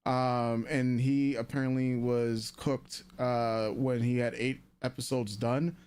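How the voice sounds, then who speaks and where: A man's voice: mid-range voice, little pitch movement, slow pace, darkish tone, smooth. A man co-hosting a live anime commentary stream, rambling casually with lots of fillers and restarts.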